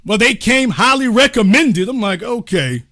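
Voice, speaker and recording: The host, a man with a very high voice at normal speed, gives loose, joking remarks about a video. Animated and playful, he talks right to his audience and calls them y'all.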